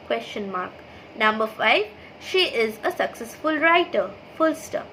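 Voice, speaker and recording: A woman's voice: high-pitched, very animated, creaky, bright, forceful tone, a little hiss or hum, rough recording. A woman with an Indian English accent teaching an online English grammar lesson to school children, reading example sentences and naming their punctuation step by step. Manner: reads sentences aloud, then names the punctuation; slow, explanatory, checks in with "okay". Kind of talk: online class lesson over slides.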